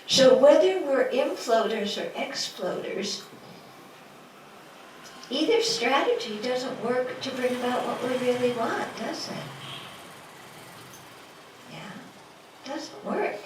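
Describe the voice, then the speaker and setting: A woman's voice: high-pitched, lively intonation, takes it slowly, long pauses. A woman Buddhist teacher giving a dharma talk in a lecture room, asking the audience rhetorical questions and acting out quotes playfully. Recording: echoey room from a distance with noise.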